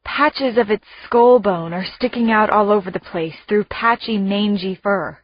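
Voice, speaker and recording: A woman narrating an audiobook in the first person with tense, hushed storytelling. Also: mid-range voice, unhurried, dull audio.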